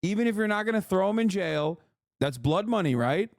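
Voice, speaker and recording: Male streamer, mocking and profane, slightly high voice, dry close mic. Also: animated, fairly quick, no echo. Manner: mocking, heated, swears a lot. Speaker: streamer reacting to a clip. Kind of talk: profane, sarcastic streamer commentary.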